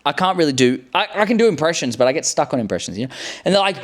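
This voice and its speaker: A man's voice: a little high, big pitch swings, very fast. A man hosting a casual recap video, chatty and rambling, with blunt, cheeky asides and lots of restarts. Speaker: show recap host.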